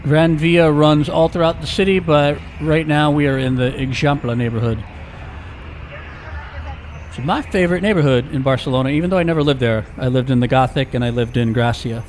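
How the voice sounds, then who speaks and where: A man's voice: fairly high pitch, a little fast, a little hiss or hum. A man giving a casual walking-tour narration as a vlogger, chatty and full of jokey, rambling asides, recorded outdoors on city streets.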